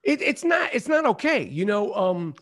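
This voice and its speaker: High-voiced man, animated and profane. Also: moderate pace. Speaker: podcast guest. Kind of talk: casual chat.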